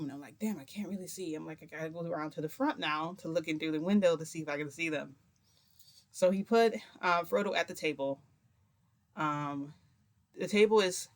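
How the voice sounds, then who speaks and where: A woman vlogger telling a long personal story to camera in a casual, rambling way, quoting herself and others. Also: fairly low pitch. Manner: rambling, retells with many "I'm like" quotes.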